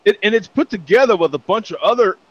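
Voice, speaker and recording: A man's voice: high voice, expressive, quick pace, highs cut off. A man hosting a casual beer chat show, laughing often and joking as he reads out tasting notes. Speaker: podcast host.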